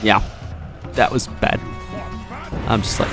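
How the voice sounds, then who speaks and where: A young man casually commenting on his own gameplay, chatty and quick to laugh, getting excitable in tense moments. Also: medium pitch. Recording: faint background music.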